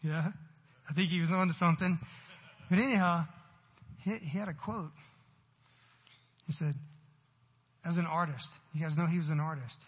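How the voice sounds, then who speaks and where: A man's voice: on the high side, moderate pace, long pauses, husky, long reverb tail, dull audio. A man who is a parent, preaching a church sermon, earnestly posing questions to the congregation. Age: adult parent. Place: church sanctuary.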